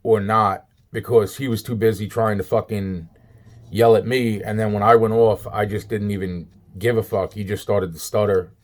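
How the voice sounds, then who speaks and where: A man's voice: on the low side, fairly even intonation, normal speed. Agitated, swearing man ranting. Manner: agitated, profane, repetitive. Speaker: vlogger. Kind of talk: rambling monologue.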